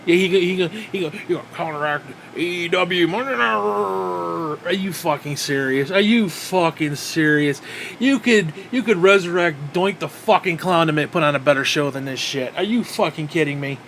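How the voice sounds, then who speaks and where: A man's voice: high voice, normal speed, gravelly, a bit bright, a little hiss or hum. A man ranting in a wrestling review, profane and exasperated, with frequent sighs.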